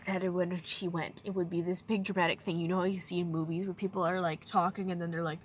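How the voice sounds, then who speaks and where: A young woman talking to her own camera in a personal vlog, grieving, soft-spoken and halting, her sentences often trailing off. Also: fairly low pitch, little pitch movement, a little hiss or hum. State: grieving, emotional. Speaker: vlogger. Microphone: self-filmed on camera.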